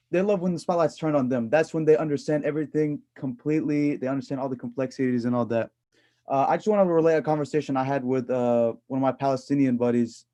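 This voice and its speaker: Man with a mellow, dark voice. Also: medium pitch. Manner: animated retelling, hesitant "uh" openers. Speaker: panelist. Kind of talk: casual storytelling.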